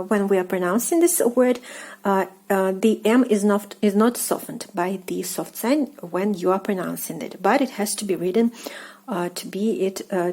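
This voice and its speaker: A woman with a Russian accent, a native Russian speaker, teaching casually with many fillers and slow repetitions. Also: medium pitch, darkish tone. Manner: hesitant, many fillers, repeats words slowly. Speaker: language teacher.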